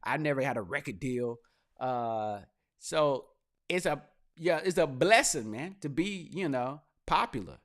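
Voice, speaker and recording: A young man hosting his own podcast, talking casually and with energy, swinging into loud, laughing mock rants. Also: mid-range voice, lively intonation, unhurried. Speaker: podcast host. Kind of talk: casual commentary monologue.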